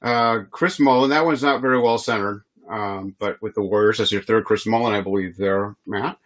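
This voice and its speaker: A man's voice: lowish voice, steady tone, normal speed. A man hosting a live trading card box break, reading player names in a chatty, easygoing way and laughing often.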